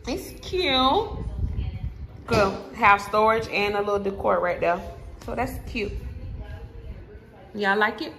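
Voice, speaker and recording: A woman's voice: medium pitch, expressive, slow, long pauses, a bit bright, faint music behind. A woman talking casually to her followers from inside her car, chatty and emotional, often calling out to her viewers. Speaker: vlogger. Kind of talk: casual vlog chat.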